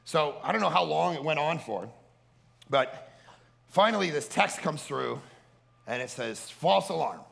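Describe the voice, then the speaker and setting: A man preaching a storytelling sermon at a family camp, animated and prone to repeating words and restarting sentences. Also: on the high side, a little slow, gravelly, long pauses. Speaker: camp speaker.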